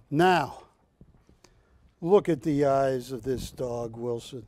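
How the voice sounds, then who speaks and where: A man hosting a live shopping channel show, pitching art in joking, drawn-out salesman patter from a studio. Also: a little mellow, no echo.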